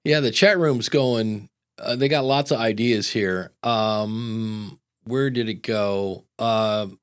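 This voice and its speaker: A man's voice: lowish voice, steady tone, takes it slowly, clear, resonant tone. A man hosting a podcast, reading out chat comments and chatting casually with many fillers. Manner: loose and rambling, many fillers. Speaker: podcast host.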